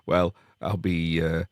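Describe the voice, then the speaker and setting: A man's voice: deep voice, no echo, clean studio sound. A middle-aged man, telling wry anecdotes in a casual podcast chat and chuckling as he goes. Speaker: podcast co-host.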